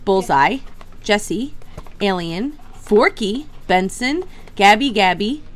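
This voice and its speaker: A woman hosting a toy unboxing video, chatty and excitable, talking straight to her viewers. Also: medium pitch, takes it slowly. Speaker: toy unboxing channel host. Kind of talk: casual unboxing chat.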